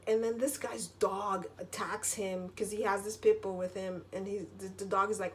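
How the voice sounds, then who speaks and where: A woman's voice: mid-range voice, fairly even intonation, moderate pace. A woman vlogger in a casual storytelling monologue, chatty, full of filler words and casual swearing.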